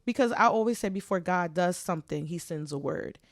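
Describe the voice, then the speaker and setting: Expressive woman podcast co-host. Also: fairly low pitch, brisk, no room sound, clean studio sound. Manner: expressive, preachy, animated swings in loudness. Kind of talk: casual heartfelt chat.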